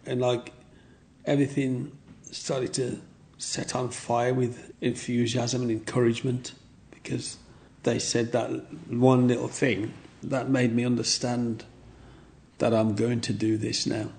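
Gravelly older man reminiscing. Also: medium pitch, level tone, a little slow, darkish tone. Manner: rambling, repeats himself, "you know what I mean". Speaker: interviewee. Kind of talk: reminiscing storytelling.

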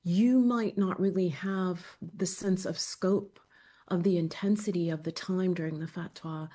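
A woman speaking thoughtfully as an interview guest, halting at times as she searches for words. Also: on the low side, steady tone, dark tone. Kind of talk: reflective interview speech.

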